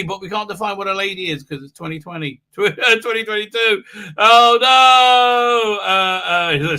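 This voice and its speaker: A man rambles through a live stream recap, full of "uh"s and mocking impressions. His voice sits high and rings very bright. He bursts into sound effects and mock voices. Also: moderate pace. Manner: animated, mocking, acts out scenes with silly voices and sound effects; many hesitation fillers.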